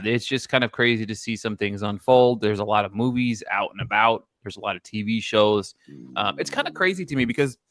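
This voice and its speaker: A man's voice: mid-range voice, sharp tone, no room sound, studio quality. A man hosting a podcast in casual chat, rambling and repeating himself. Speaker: podcast host.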